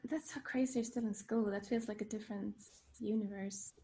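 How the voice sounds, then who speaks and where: With a mellow, medium-pitched voice and fairly even intonation, a young woman from Sweden talks briskly. She's a writer and native Swedish speaker being interviewed over a casual video call, laughing readily and frequently correcting herself.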